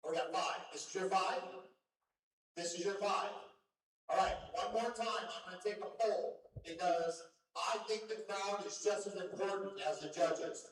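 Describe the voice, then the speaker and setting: Male county fair emcee, high-pitched, teasing and upbeat, caught on a distant PA mic in a booming ring. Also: fairly even intonation, normal speed, a bit bright. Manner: playful, teasing banter with kids. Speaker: show emcee. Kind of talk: live announcing to a crowd. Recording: echoey, distant, faint noise.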